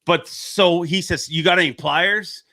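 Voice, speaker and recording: A man chats casually about fishing, his voice sitting fairly high. His tone is bright and forceful, and he rambles through his tales, laughing at his own jokes. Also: measured pace, vocal fry. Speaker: professional angler telling stories. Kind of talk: casual chat.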